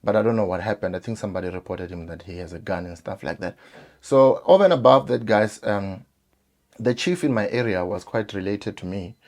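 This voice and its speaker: A South African man talking casually to viewers, telling a childhood story with lively acted-out quotes and many fillers. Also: fairly low pitch, fairly quick. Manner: animated, acts out quoted voices, frequent fillers.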